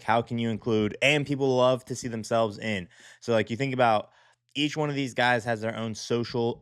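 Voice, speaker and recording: A man's voice: medium pitch, dry recording, studio quality. A man hosting a design show, chatting casually and rambling with many fillers and restarts. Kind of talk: casual commentary on design work.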